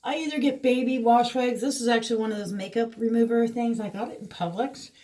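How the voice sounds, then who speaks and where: Lady rambling about her skincare, kinda high voice, sounds a little far from the mic. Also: steady tone, a little fast, mellow. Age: middle-aged. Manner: chatty, rambling, frequent fillers. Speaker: beauty vlogger. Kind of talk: casual skincare demo. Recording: voice a bit away from the mic.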